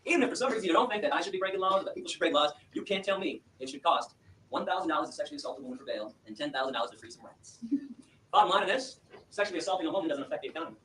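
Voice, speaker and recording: A man from Michigan giving an impassioned speech to an audience and taking questions, telling his story in a fast, emphatic, animated way. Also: on the high side. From Michigan, USA. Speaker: activist lecturer. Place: lecture room with audience. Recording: echoey room, distant mic, faint hiss.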